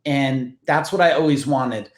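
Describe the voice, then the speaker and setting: A man's voice: medium pitch, measured pace, roomy sound. A man from New Jersey telling stories from his business as a podcast guest, casual and emphatic, swearing freely and acting out the people he quotes. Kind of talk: casual storytelling.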